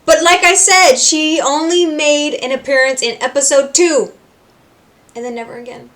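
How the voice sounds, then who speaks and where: A woman from Puerto Rico hosting a reaction video, recapping scenes with animated storytelling and acting out the characters' lines. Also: sits high, moderate pace. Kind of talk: casual recap and commentary.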